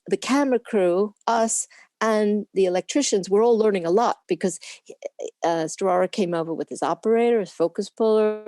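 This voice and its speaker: A woman's voice: medium pitch, a little mellow, no echo, studio quality. An older woman, a camera assistant being interviewed, talking casually and rambling on with frequent laughs. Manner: chatty, rambling, laughs often.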